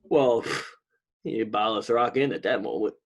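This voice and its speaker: Husky New man chatting casually. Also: fairly low pitch, unhurried, lo-fi sound. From New York. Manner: laid-back, rambling, swears freely. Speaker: podcast co-host. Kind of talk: casual chat.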